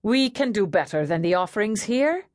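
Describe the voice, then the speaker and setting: A woman voicing a suave, wealthy Irish man in an audiobook, smooth and easy with a hint of strain. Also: mid-range voice, lively intonation, moderate pace, no echo, clean studio sound, lightly acted.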